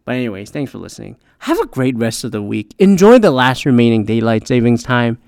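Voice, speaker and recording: A man's voice: medium pitch, sing-song, a little fast, gravelly, darkish tone, smooth, dry recording, studio quality. A man hosting a solo podcast in a profane, rambling, exasperated rant, sounding tired. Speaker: podcast host.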